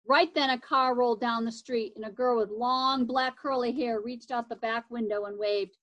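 A woman's voice: fairly high pitch, normal speed, dry recording. Woman reading a storybook aloud. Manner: lively expressive reading with occasional slips and self-corrections. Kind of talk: reading a children's chapter book aloud.

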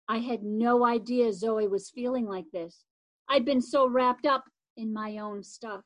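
A woman reading a children's chapter book aloud, unhurried and expressive. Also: a little high. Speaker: reader.

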